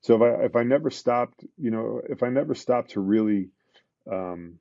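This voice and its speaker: A man, a retired police detective, telling his story as a guest in a conversational interview, halting with many fillers and restarts. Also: mid-range voice, vocal fry, mellow, no echo, lo-fi sound.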